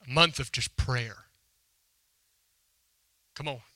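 A man preaching to a congregation, retelling a story and voicing its lines with conversational emphasis. His voice is strikingly bright and forceful. The sound is close and dry, with little room echo. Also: mid-range voice, takes it slowly. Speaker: pastor. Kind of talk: sermon. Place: church hall before a congregation.

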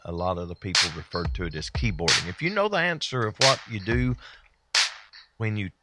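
A man hosting a daily broadcast, talking in a relaxed, chatty way with many fillers. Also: lowish voice, fairly quick, over loud music. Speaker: host. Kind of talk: casual daily broadcast talk.

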